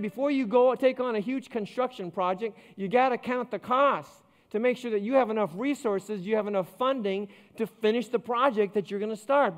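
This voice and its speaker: A man, a pastor, preaching a sermon with jokey, self-deprecating stories. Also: high voice. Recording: long church hall reverb.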